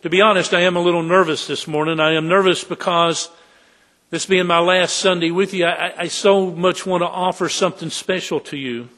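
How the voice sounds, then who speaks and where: A pastor preaching a heartfelt sermon in a church sanctuary, slow and earnest. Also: male voice, high voice, steady tone, bright, forceful tone, long reverb tail.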